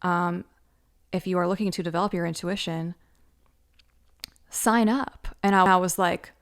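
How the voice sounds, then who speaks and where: A woman's voice: on the low side, little pitch movement, fairly quick. A woman casually telling a personal story, chatty and loose, with lots of "like" and "um" fillers. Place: Los Angeles.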